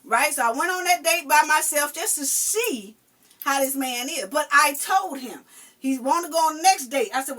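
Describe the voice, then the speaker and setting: A mother telling a personal story in casual chat, emphatic and animated, swearing now and then. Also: sits high, moderate pace, recorded from a distance.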